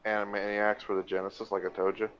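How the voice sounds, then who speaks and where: A man chatting casually as a guest in a laid-back, low-key way. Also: little pitch movement, fast, lo-fi sound. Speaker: guest and voice actor. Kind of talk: casual chat.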